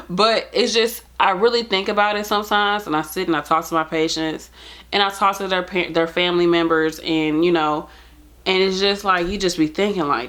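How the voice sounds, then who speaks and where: A nurse talking straight to camera, earnest and pleading in plain casual speech. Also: female voice, fairly low pitch, moderate pace, fairly bright tone. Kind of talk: heartfelt direct-to-camera talk.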